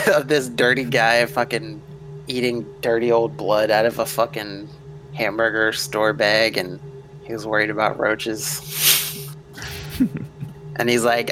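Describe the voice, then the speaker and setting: A man's voice: lowish voice, low-quality recording. A man playing a tabletop role-playing game, narrating his character's moves in a laid-back, laughing way. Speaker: player.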